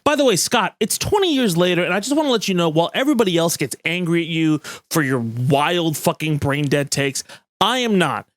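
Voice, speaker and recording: A man's voice: high voice, no room sound. A young man hosting ranting political commentary, profane and sarcastic, swinging between heated outbursts and mocking asides.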